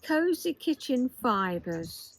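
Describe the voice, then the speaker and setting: An older woman hosting a knitting vlog, chatting in a meandering way with asides and pauses, outdoors in a garden. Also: fairly high pitch, sing-song, faint music behind, poor audio. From England. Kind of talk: casual chat to camera.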